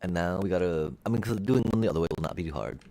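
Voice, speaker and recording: Deep gravelly man chatting over gameplay. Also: racing, mellow, no echo. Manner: chatty, musing aloud, makes beep-boop sound effects. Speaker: streamer. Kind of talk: casual gameplay commentary to live chat.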